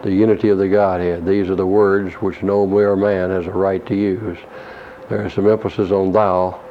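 A man preaching an expository Bible lesson, reading verses slowly and explaining Greek words in a measured way. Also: sits low, level tone. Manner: slow, measured reading of scripture with Greek word study. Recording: dull lo-fi recording with faint hiss.

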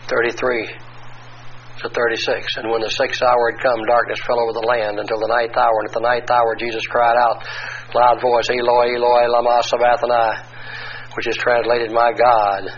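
Male preacher, even steady delivery, dull lo-fi radio sound, sermon reading. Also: medium pitch, normal speed. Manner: reads passages then explains, corrects himself. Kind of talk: sermon reading scripture aloud.

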